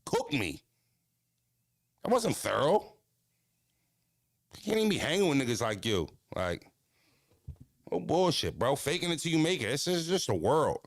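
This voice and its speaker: A man hosting a casual podcast, ranting bluntly with profanity, jumping into animated voices and stuttering restarts. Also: mid-range voice, fairly quick, no echo. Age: adult. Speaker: podcast host.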